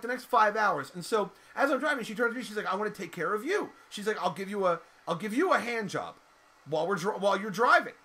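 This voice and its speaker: A middle-aged man telling a raunchy story in an animated, profane way, laughing often. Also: high voice.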